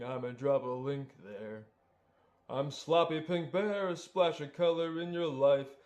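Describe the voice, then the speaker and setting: A man's voice: mid-range voice, darkish tone, close to an everyday voice. A man voicing a cheerful sloppy pink male bear in a bouncy, sing-song rap.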